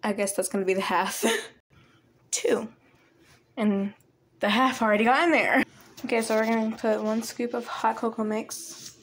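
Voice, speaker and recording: Young woman, kitchen vlogger, giggly, rambling, light higher voice, faint hiss behind. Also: fairly even intonation, moderate pace. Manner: giggly, self-conscious rambling. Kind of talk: casual kitchen vlog chat. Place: home kitchen, indoors.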